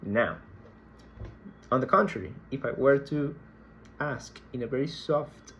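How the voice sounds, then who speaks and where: A male lecturer explaining a concept in a recorded class, speaking in a slow, measured way and often repeating himself mid-sentence. His pitch sits in an ordinary middle range. Faint ambient noise hums behind him. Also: fairly bright tone, rough recording. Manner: slow, deliberate, repeats words while explaining. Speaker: university lecturer.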